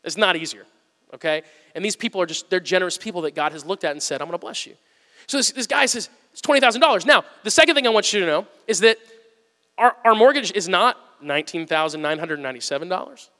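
A high, bright-voiced man preaches from the front of a church, his delivery animated and full of loud bursts that drop to near-whispers. The sound carries a long, hall-like reverb. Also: fast. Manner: animated storytelling, swings from loud and excited to hushed. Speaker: pastor. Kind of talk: sermon.

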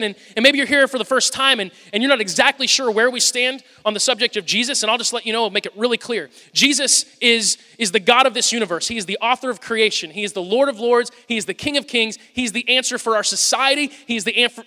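A man's voice: very high-pitched, pushed and bright. A male pastor giving a sermon in a church, talking in a conversational, humorous storytelling way. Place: church sanctuary. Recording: long reverb of a large church hall.

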